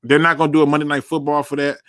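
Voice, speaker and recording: A man's voice: on the high side, flat delivery, very fast, fairly bright tone, no echo, studio quality. A young man hosting a live sports talk show, bluntly answering chat questions and repeating words for emphasis.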